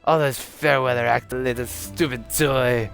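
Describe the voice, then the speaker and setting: A man's voice: mid-range voice, fairly even intonation, moderate pace, gravelly, a bit bright, soft background music. A man voicing a drunk, foul-mouthed old Santa in a game, with a put-on vague European accent and slurred, rambling talk. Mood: grumbling. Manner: slurred, boozy rambling with sudden outbursts. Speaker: streamer voicing a game character.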